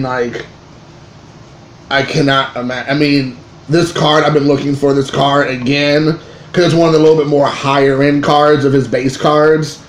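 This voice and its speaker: A man, a father in his thirties, telling a card-collecting story in a rambling, excitable way with many restarts. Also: medium pitch. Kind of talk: casual storytelling to camera. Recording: echoey room with faint ambient noise.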